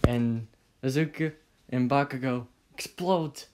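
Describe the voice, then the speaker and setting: An amateur storyteller narrating a fan story, halting with many pauses and restarts. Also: medium pitch, very noisy.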